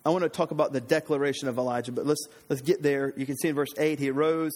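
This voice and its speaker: Hoarse man preaching in a hall. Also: a little high, steady tone, fast, darkish tone. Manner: earnest, conversational, with frequent restarts. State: slightly hoarse, throat trouble. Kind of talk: sermon.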